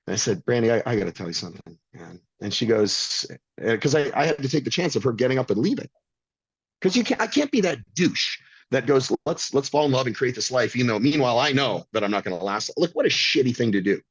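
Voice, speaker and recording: Blunt, profane man in his fifties, husky voice, dry muffled recording. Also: medium pitch, very animated, fast talker, no room sound. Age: 50s. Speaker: guest. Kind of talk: casual storytelling.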